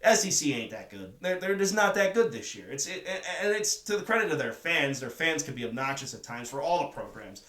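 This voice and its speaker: A man's voice: mid-range voice, big pitch swings, a little fast, few pauses, bright, forceful tone, distant mic. A man from the northern United States hosts his own sports commentary. He talks in an opinionated way and keeps returning to his main points. He sits a little back from the mic in a roomy, echoing space. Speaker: sports podcast host. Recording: echoey room, voice away from mic.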